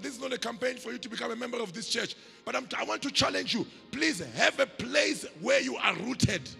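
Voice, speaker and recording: South African man, pastor, sermon, call-and-response preaching, very gravelly rough voice, high pitch, long hall reverb, faint music. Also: bright, forceful tone.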